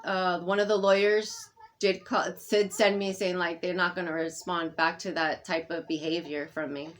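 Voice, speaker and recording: A woman talking to camera in an unscripted personal monologue, halting and rambling with many fillers and restarts, moving between soft murmuring and loud insistence. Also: fairly low pitch, steady tone. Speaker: vlogger speaking to camera.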